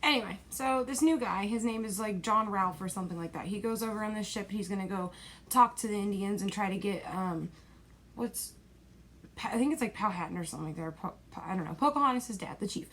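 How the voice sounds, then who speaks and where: A woman's voice: medium pitch, quick pace, a bit bright, slight background noise. A young woman in a rambling, exasperated movie-review rant, packed with fillers and dismissive asides, recorded at home.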